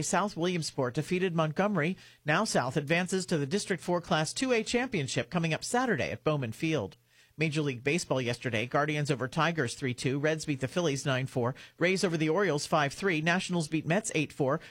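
A man reading a local radio news update, rattling off sports scores at a brisk clip. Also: a little high, dry recording.

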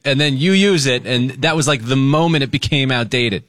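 A man's voice: medium pitch, fairly quick, fairly bright tone, no room sound, studio quality. A middle-aged man hosting a radio show, chatting casually with a playful, teasing, curious manner.

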